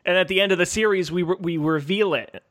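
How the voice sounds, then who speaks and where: A man's voice: sits high, fast talker. A man chatting playfully and animatedly in a casual comedic chat. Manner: animated, playful, over-the-top.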